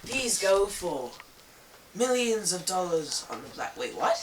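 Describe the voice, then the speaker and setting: A woman's voice: on the low side, sing-song, a little slow. A woman putting on a brash Aussie poacher. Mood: scheming. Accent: put-on Australian. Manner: hammy, loud outbursts. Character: brash Australian wildlife documentary poacher. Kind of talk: amateur short film acting. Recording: noisy home recording.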